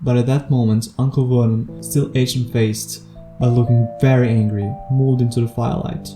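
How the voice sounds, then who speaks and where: Adult male audiobook narrator, very dark mellow tone, steady storytelling, faint guitar underneath. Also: mid-range voice, normal speed, roomy sound. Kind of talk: scripted narration.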